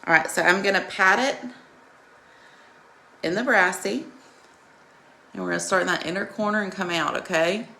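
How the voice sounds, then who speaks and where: A woman's voice: medium pitch, normal speed, vocal fry, long pauses, sharp tone. A woman hosting a live makeup tutorial, chatting and greeting viewers by name while coaching them through each step in a reassuring way.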